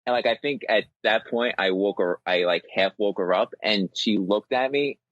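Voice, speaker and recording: A man's voice: lowish voice, moderate pace, dry recording. A man in his thirties co-hosting a casual podcast, telling stories and laughing often. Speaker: podcast co-host. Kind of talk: casual chat. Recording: dull dry lo-fi sound.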